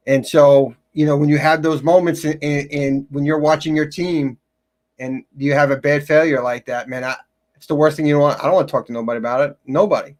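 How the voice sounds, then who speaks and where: A man's voice: a little high, steady tone. Middle-aged man telling sports stories. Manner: halting, many restarts, storytelling. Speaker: podcast co-host. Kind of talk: casual sports chat.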